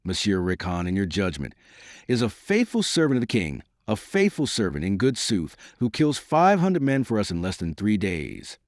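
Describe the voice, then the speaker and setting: A man's voice: lowish voice, huge pitch swings, moderate pace, no room sound, clean studio sound. A man voicing an angry, haughty queen who speaks with cold sarcasm in an audiobook reading. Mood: scornful.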